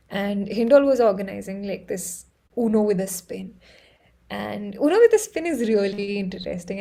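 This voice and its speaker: Husky, gravelly Indian woman chatting live. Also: medium pitch, rough recording. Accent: Indian English. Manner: chatty, laughs often, excitable storytelling. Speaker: livestream host. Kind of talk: casual live-stream chat.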